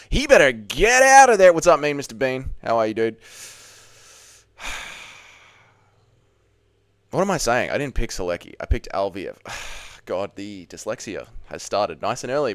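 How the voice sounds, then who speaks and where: A man's voice: lowish voice, no echo. A man hosting a casual live fight watch-along from his chair at home, swearing freely and chatting with viewers as he reads their messages. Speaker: livestream host. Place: home, seated at a desk.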